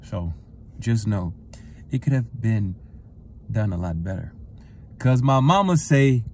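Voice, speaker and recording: A middle-aged man, a retired football player, telling a personal story in a loose, rambling way that gets lively as he relives it. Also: fairly low pitch, slow pace, long pauses. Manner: relaxed, rambling with fillers, gets animated retelling the encounter. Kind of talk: casual storytelling monologue.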